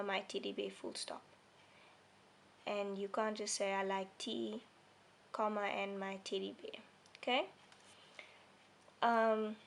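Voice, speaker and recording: A woman's voice: medium pitch, gravelly, slight background noise. A woman teaching a lesson to young children, explaining things simply and patiently and often checking in with "okay?". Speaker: primary school teacher.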